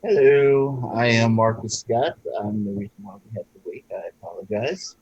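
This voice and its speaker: A man's voice: mid-range voice, moderate pace, a little mellow, muffled recording. A man introducing himself as a player in a tabletop game, laid-back and apologetic. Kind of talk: casual chat on a live stream. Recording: faint background noise.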